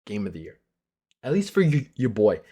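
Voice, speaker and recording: A man's voice: fairly low pitch, very animated, normal speed, warm tone, slightly rough. A young man, the league commissioner, giving a casual self-mocking recap of his fantasy hockey league, swearing freely.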